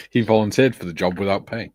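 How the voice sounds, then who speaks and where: A man's voice: on the low side, normal speed, darkish tone. A man co-hosting a casual livestream, bantering and teasing in a jokey way. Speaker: livestream co-host.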